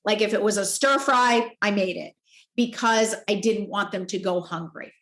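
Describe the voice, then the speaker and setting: A woman in her forties, a podcast guest, telling a personal story in an expressive, candid way. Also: medium pitch, moderate pace. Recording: roomy echo.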